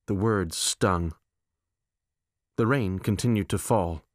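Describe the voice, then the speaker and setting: A man narrating a novel in a measured, deadpan, wry way. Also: low-pitched, no echo, studio quality. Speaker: audiobook narrator. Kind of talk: scripted narration.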